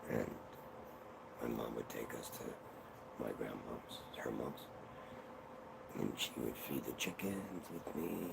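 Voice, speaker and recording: A man from Israel hosting a livestream, telling family stories in a casual, profane, animated way. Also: rumbling low, takes it slowly, creaky, pauses often, very noisy. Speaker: livestream host. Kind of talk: casual storytelling.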